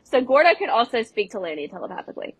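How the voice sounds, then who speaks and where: Husky-voiced woman recapping a show. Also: a little high, very animated, fairly bright tone, no echo, poor audio. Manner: retells scenes with quick voice impressions and laughs. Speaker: podcast co-host. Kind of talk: casual recap chat.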